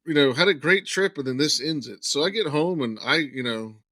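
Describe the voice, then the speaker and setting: A man's voice: a little high, a little fast, no echo. Man telling a story in a dry-sounding room. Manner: animated anecdote teller, acts out quoted lines. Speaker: podcast guest. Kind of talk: casual storytelling.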